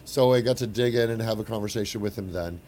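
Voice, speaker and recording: A man in his forties, an actor telling an anecdote in casual chat, animated with frequent restarts. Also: lowish voice, fast talker, a little hiss or hum. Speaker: actor and guest.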